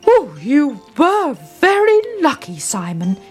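A stern but kindly storybook farmer as a woman reads him. He lectures firmly in a slow, lively voice. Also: high voice, faint music behind, voice pushed up, exaggerated voice. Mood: lecturing.

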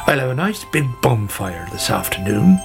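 A man's voice: medium pitch, sing-song, normal speed, vocal fry. A man voicing a fussy, conceited old male gardener with grumbling exclamations, over background music. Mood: cheerful. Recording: music playing under the voice.

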